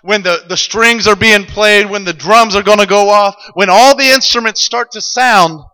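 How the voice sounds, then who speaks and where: A man's voice: high-pitched, normal speed, bright, forceful tone, clear, resonant tone, big-room sound. A man voicing a proud, demanding ancient king who orders people to bow and worship him. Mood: commanding. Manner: commanding, boastful.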